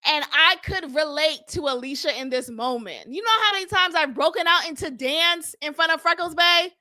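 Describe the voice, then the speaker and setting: This young adult woman speaks at normal speed with a voice that sits high. She's hosting an animated, casual reality show recap, acting out quotes and laughing a lot.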